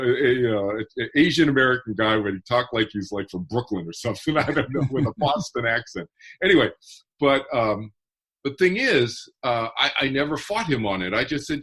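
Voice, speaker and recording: A man's voice: mid-range voice, animated, brisk, fairly bright tone, husky. A man who is a guest author on a podcast, explaining his ideas earnestly and step by step. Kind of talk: podcast interview.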